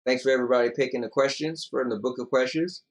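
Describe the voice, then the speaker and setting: A tired young man co-hosts a casual podcast, yawning as he rambles loosely and reads out viewer comments. His medium-pitched voice moves quickly with fairly even intonation.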